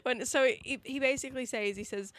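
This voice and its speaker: A woman with a fairly high voice chats on a podcast, retelling TV scenes with gusto and teasing her co-host. Her voice is recorded close and dry, with no room echo. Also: a bit bright. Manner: chatty storyteller, quick to tease, frequent yeahs. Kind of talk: casual film chat.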